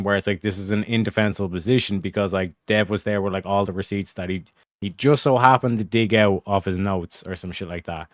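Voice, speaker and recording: A man's voice: fairly low pitch, no echo, studio quality. A man streaming casual reaction commentary, rambling and swearing, often asking "you know what I mean". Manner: profane, rambling, repeats "you know what I'm saying". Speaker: streamer reacting to a debate clip.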